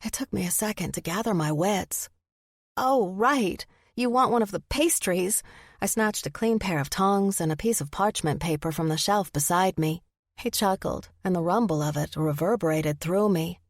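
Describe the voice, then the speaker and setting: A woman narrating a first-person audiobook, expressive in the character's flustered lines. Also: lowish voice, normal speed, no echo, studio quality.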